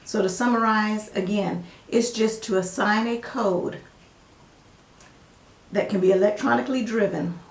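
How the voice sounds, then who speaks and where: A woman's voice: mid-range voice, roomy sound. A woman with a Southern US accent, teaching medical coding in a casual, folksy way with everyday examples. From American South.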